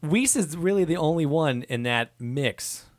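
A man's voice: on the high side, lively intonation, a little slow, no echo, studio quality. A man co-hosting a casual hockey podcast, ranting with exasperation about fans. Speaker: podcast co-host.

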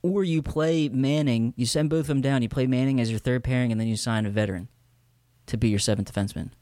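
A man's voice: medium pitch, fast, mellow, no room sound, clean studio sound. Blunt analytical man on hockey. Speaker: podcast co-host. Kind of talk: casual hockey chat.

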